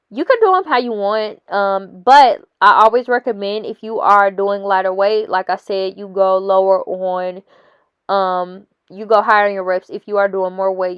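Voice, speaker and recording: A woman's voice: medium pitch, clear, resonant tone, dry recording, dull audio. A young woman narrating her gym workout vlog, chatty and encouraging, laughing often and calling her viewers honey. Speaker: fitness vlogger. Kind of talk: casual workout vlog voice-over.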